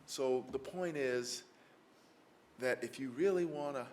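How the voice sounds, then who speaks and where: A man's voice: mid-range voice, slow pace, a little mellow. Man, from Mississippi, lecturer, folksy, anecdotal, lots of ums, faint background noise. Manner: folksy, anecdotal, frequent fillers. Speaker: lecturer, environmental lawyer. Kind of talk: storytelling lecture answer. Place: lecture hall with audience.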